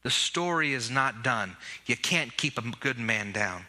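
A man preaching an Easter sermon with animated emphasis, leading the congregation in call-and-response while his voice is giving out. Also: medium pitch, measured pace. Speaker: pastor.

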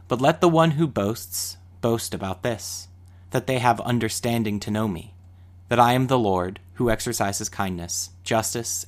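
A man reading scripture aloud in a measured, solemn way. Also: mid-range voice. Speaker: scripture reader.

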